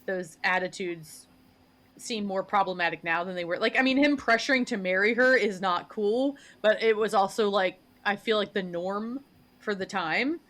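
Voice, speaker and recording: A woman with a mid-range voice hosts a casual podcast chat. She talks her ideas through out loud and hesitates often, with plenty of "um" and "I mean". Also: medium pitch, moderate pace. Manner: hesitant, thinking aloud with many fillers. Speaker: podcast host.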